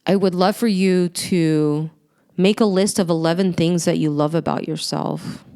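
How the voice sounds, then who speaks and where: Female host, low-ish smooth voice, earnest and heartfelt motivational talk to listeners. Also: fairly even intonation, a little slow, mellow. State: tearful at times.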